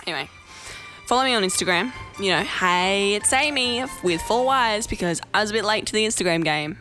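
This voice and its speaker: A woman's voice: mid-range voice, fast talker, sharp tone, faint music behind. A woman, a bit drunk and rambling in a chatty, self-deprecating way as she hosts a casual vlog. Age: 20s. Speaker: vlog host. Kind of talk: casual tipsy rant to camera.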